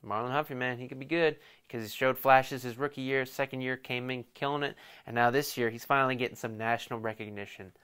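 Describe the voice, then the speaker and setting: A young man hosts a casual solo sports podcast, previewing a game in rambling, joking fast bursts. His mid-range voice is steady, fairly bright, and clean.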